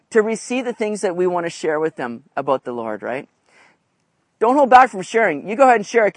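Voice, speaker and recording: With no echo in the recording, this high-pitched male pastor preaches in a conversational way. He often checks in with the congregation and keeps tossing in "right?"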